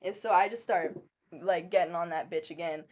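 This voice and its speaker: A woman co-hosting a podcast, telling a story in a blunt, profane, animated way. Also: on the low side, normal speed. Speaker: podcast co-host. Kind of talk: casual storytelling chat.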